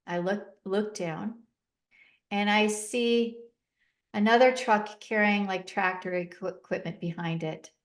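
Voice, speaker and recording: A woman's voice: mid-range voice, steady tone, measured pace. A middle-aged woman telling a personal story as a podcast guest, recounting events vividly and acting out the dialogue with emotion.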